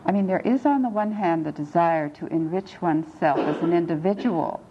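A woman leading a reflective group discussion, speaking slowly and thoughtfully, halting and repeating words as she gathers her points. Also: lowish voice. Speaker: discussion leader. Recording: muffled lo-fi tape with faint hiss.

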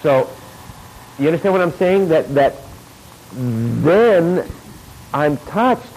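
A man teaching as an acting coach, talking in an informal lecture and acting out replies in sudden high bursts. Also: takes it slowly, slightly rough. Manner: animated, acts out his own and students' replies in sudden high bursts. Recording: noisy recording with steady background noise.

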